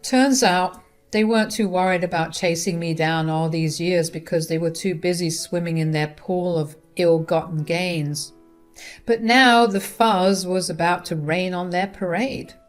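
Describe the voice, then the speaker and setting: A woman's voice: on the low side, unhurried. Wry woman narrating a revenge story. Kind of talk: first-person story narration. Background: faint guitar music.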